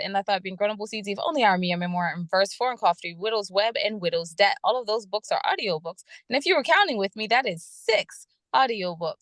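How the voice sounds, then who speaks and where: A woman's voice: mid-range voice, a bit bright, no room sound. A woman hosting a chat show over a video call, talking in a playful, jokey, self-deprecating way. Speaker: podcast host.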